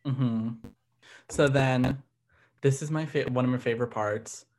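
A man talking through a TV episode on a podcast at an ordinary middle pitch. He chats loosely and fills his sentences with "like". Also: a little slow, a little mellow. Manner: chatty, many "like" fillers. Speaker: podcast co-host. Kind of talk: casual chat recapping a TV episode.

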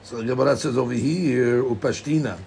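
A man teaching a casual Talmud study lesson. He reads the text off rapidly, then explains it in English, often stumbling and repeating words. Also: mid-range voice, gravelly, a little mellow, a little hiss or hum.

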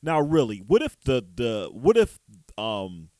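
A man co-hosting a casual podcast chat, speaking hesitantly with frequent pauses and restarts. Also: mid-range voice, wildly swooping pitch, darkish tone, no echo, clean studio sound. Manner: hesitant, many ums and restarts. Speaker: podcast co-host.

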